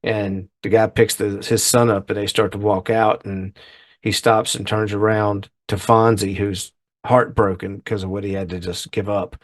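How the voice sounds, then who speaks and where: A middle-aged co-host on a podcast recording speaks at normal speed in a low, level voice. Chatting casually, he retells events scene by scene, acting out the characters involved.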